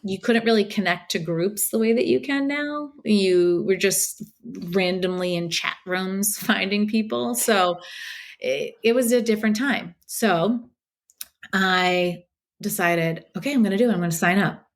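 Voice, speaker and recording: A woman from the Boston area tells her story as a podcast guest in a mid-range voice, speaking a little slowly. She's casual and animated, acting out quotes and laughing.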